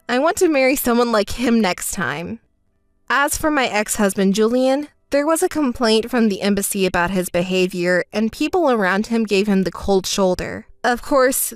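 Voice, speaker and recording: A woman narrates a text story in the voice of a wronged wife. Her delivery is indignant and scolding, set slightly high. The recording is close and dry. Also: no echo.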